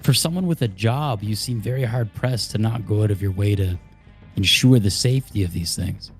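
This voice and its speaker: A man's voice: fairly low pitch, normal speed, breathy edge, faint music behind. A man playing a tabletop game, arguing pushily in character. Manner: pushy, argumentative in character. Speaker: player. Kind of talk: in-character tabletop role-play.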